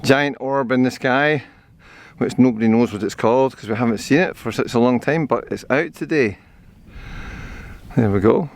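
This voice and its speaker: A man's voice: medium pitch, normal speed, long pauses. An older man with a Scottish accent chatting casually to a handheld camera as he runs and walks along an outdoor forest trail, rambling cheerfully about the view. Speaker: vlogger. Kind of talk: casual walking and running commentary.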